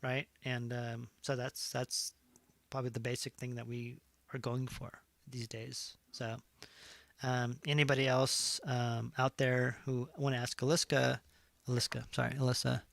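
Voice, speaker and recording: A man's voice: medium pitch, little pitch movement, measured pace, gravelly, a bit bright, no echo. A man hosting a casual chat show, rambling with many fillers. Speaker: host.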